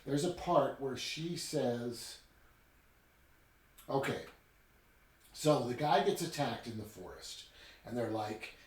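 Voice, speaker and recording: A man reviewing a book in a casual chat, retelling it in an animated way with chatty asides. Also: mid-range voice, takes it slowly, pauses often. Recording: roomy sound from a distant mic with faint ambience.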